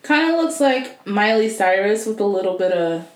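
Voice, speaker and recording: A woman's voice: medium pitch, lively intonation, moderate pace. A woman co-hosting a casual chat, telling stories in a slangy, laughing manner. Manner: chatty storyteller, frequent laughter, slangy. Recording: roomy echoey room.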